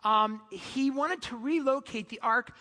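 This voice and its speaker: A preacher tells a story in a casual, conversational sermon style. The voice is bright and forceful, and a long hall echo trails after the words. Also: medium pitch, a little slow.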